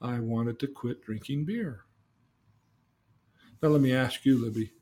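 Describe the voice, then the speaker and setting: A man's voice: mid-range voice, measured pace, warm tone. Earnest man telling personal stories. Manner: earnest, repeats himself, asks leading questions. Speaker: guest telling life stories. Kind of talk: casual personal storytelling.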